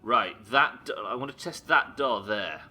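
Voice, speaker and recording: Expressive and unhurried, a mid-range male voice sounds pushed and bright as a Yorkshire streamer from Yorkshire, England, jokes with viewers and asks questions aloud while gaming. It's casual game-stream chat with slight background noise.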